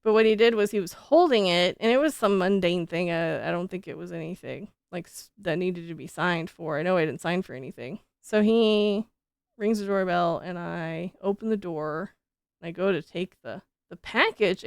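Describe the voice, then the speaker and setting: A woman streamer telling stories in casual, animated chat, full of fillers like "like". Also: on the low side, normal speed, creaky, smooth, dry recording. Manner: animated, chatty, many fillers like "like". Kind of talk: casual live-stream storytelling.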